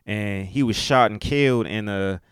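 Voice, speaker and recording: A man hosting his own podcast, giving relaxed solo commentary with easygoing swearing and frequent chuckles. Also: lowish voice, normal speed, clear, resonant tone, dry recording, studio quality. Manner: laid-back, swears freely, chuckles often. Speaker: podcast host.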